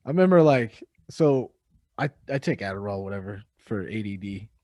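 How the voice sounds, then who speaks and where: A young man co-hosting a podcast in casual chat, animated, cursing freely and imitating the people in his stories. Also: fairly low pitch, moderate pace, no echo, studio quality. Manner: animated, swears a lot, imitates others. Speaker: podcast co-host.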